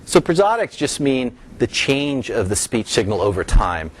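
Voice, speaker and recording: Here a middle-aged man lectures academically in a mid-range, sing-song voice at normal speed. He explains step by step, pushes his voice up on key terms, and sometimes restarts.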